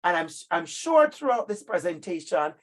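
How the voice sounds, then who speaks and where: A man from Jamaica with a Jamaican accent, giving an emphatic, lively professional-development talk to teachers and addressing them directly. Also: high voice, normal speed. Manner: emphatic and animated, addressing listeners directly by name. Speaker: workshop presenter for teachers.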